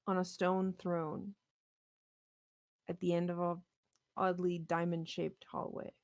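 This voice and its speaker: A woman running a tabletop game as game master, describing scenes in a measured way. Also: on the low side, little pitch movement, darkish tone, dry recording.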